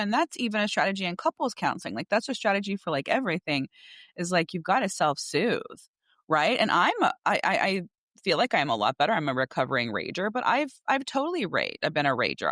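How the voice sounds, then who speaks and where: A woman's voice: on the low side, no echo, clean studio sound. A woman in her forties, a podcast co-host and coach, chatting casually and acting out her kids' voices as she tells stories. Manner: animated storyteller who acts out her kids' voices. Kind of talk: casual chat.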